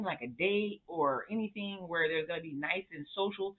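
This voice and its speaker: A woman's voice: mid-range voice, moderate pace. A woman recaps a TV episode in a sassy, blunt way and talks straight to her viewers. Her voice sits in a middle range. The sound is thin and tinny, like a phone line. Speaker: TV review vlogger.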